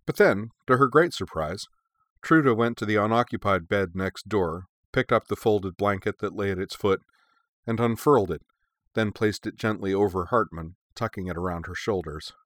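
A man narrates a storybook in a low, deep voice. His reading is even and measured. The recording is dry and close. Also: dry recording. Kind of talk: audiobook narration.

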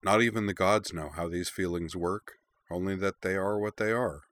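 A man voicing a kind young man who speaks quietly with a wry, gentle tone. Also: sits low, fairly even intonation, normal speed, no room sound.

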